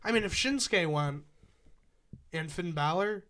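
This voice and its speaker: A man's voice: sits high, expressive, measured pace, pushed and bright. A man co-hosting a casual wrestling chat, laid-back and teasing, swearing casually. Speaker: podcast co-host.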